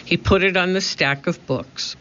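A man narrating a children's storybook in a steady, expressive reading, in a muffled lo-fi recording. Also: sits high, normal speed, a little hiss or hum. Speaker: audiobook narrator. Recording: muffled lo-fi audio.

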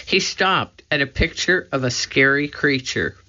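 A narrator reading a children's chapter book aloud in a steady, clear storytelling manner. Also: medium pitch, a little slow, highs cut off. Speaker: audiobook narrator.

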